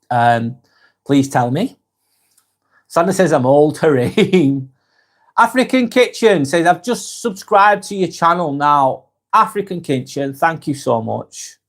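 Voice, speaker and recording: A man in his forties with a Lancashire accent, hosting a casual live vlog and reading viewer comments aloud, chatty and friendly, often restarting and correcting himself. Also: mid-range voice. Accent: Lancashire English. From England. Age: 40s.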